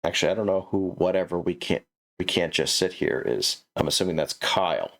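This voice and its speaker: Man, very low voice, sarcastic, laughs a lot, stammers, comedic writing critique. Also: animated, fairly quick, creaky, fairly bright tone. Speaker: host critiquing a manuscript.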